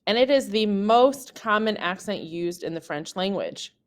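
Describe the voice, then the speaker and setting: A woman narrating a scripted beginner lesson, explaining carefully and deliberately, with lively pitch jumps on the examples. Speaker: French teacher.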